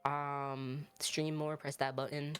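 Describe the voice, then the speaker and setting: A woman's voice: sits low, little pitch movement, slow, fairly bright tone, faint music behind. A woman guest streamer chatting casually in an interview, rambling and giggly with lots of likes and ums.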